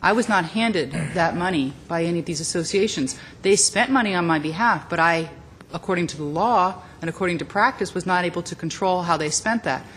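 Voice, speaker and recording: Female council member, lower voice, calm explanatory reply from the dais mic, faint room noise behind. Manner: measured, explanatory. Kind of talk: response at a council meeting. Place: city council chamber.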